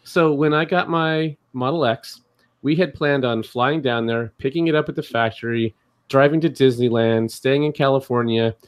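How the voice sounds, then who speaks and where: A man's voice: medium pitch, normal speed, clean tone. A man from Oregon on a podcast, arguing and explaining his point at length. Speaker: podcast co-host. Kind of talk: casual podcast chat.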